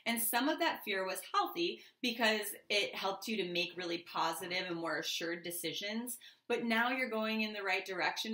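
A woman's voice: mid-range voice, pushed and bright. A woman giving a casual tarot reading to the camera, chatty and loose with lots of fillers and asides. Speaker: tarot reader. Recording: echoey room.

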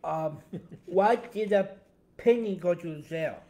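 A young man co-hosting a casual chat, soft-spoken and halting, often repeating his words. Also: high-pitched, echoey room. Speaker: co-host.

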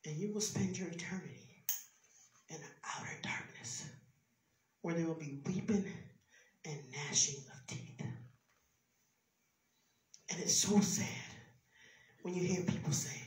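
Brief: woman pastor preaching in a sermon, fervent and forceful, distant mic in a reverberant church. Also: lowish voice, a little slow, pauses often. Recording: echoey church from far off.

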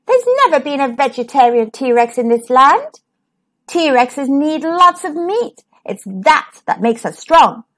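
Expressive woman reading to children. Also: high-pitched, takes it slowly. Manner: expressive and sing-song. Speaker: children's storyteller. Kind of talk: reading a picture book aloud.

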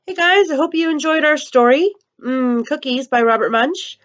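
A woman's voice: sits high, normal speed, fairly bright tone, dull audio. A woman hosting an early-years program, speaking upbeat and directly to young children. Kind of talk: friendly sign-off to young children.

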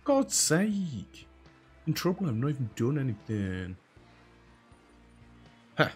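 At medium pitch, this man is very animated yet unhurried, with soft background music behind him. He gives casual, sarcastic let's play commentary in an English accent, dropping H's and T's. He's dry and chatty throughout.

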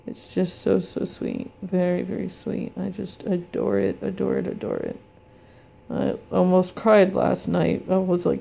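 A woman filming a casual unboxing vlog at home, talking haltingly with many fillers, anxious and in pain. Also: fairly low pitch, fairly even intonation, creaky, mellow, slightly rough. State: anxious and in pain, hand shaking. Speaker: vlogger. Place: home, indoors.

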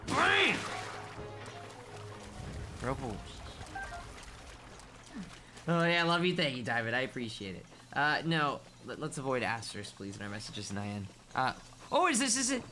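A man streaming a video game in a playful, cutesy baby-talk manner, calling himself by a nickname, with game music behind him. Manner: swings between mumbling asides and high excited yelps. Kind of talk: live gameplay commentary.

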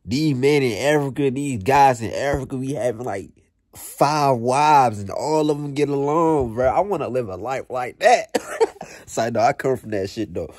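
A man's voice: mid-range voice, lively intonation, normal speed, darkish tone, dry recording, studio quality. A young man vlogging in a blunt, profane, slang-heavy motivational rant that repeats itself.

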